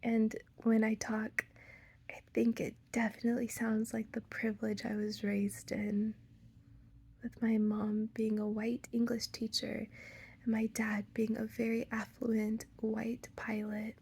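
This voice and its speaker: A woman's voice: on the high side, completely flat delivery, measured pace, a little mellow, husky. A young woman with an American Valley girl accent, talking casually to camera, full of "like" fillers, playful asides and half-whispered lines. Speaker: vlogger.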